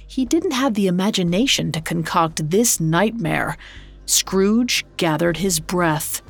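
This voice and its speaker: A woman narrating a scripted ghost story in a measured, atmospheric way. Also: on the low side, expressive, gravelly. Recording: soft background music.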